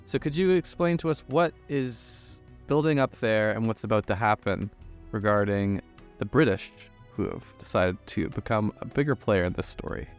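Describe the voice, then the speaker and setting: Low-voiced male podcast host. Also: moderate pace, soft background music. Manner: casual, thinking aloud while framing questions. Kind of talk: interviewer asking questions.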